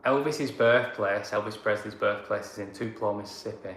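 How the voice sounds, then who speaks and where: A man's voice: lowish voice, fairly quick, fairly bright tone. Give me an easygoing Lancashire man chatting in an echoey room. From Blackburn, England. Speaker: travel vlogger reading viewer comments. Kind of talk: casual live-chat Q&A. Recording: echoey room with background noise.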